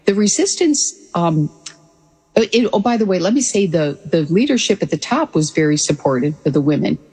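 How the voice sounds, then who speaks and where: Husky-voiced woman in her 60s, earnest. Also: fairly low pitch, sing-song, moderate pace, dark tone, long reverb tail, low-quality recording. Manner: earnest and reflective, with frequent restarts and light laughs. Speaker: interview guest, former military pilot. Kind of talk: conversational storytelling.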